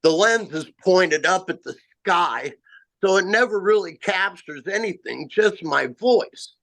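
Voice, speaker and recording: A man telling a first-person encounter story in a halting, rambling way, full of "you know" and "uh" fillers. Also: high-pitched, expressive, gravelly, a bit bright. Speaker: eyewitness guest.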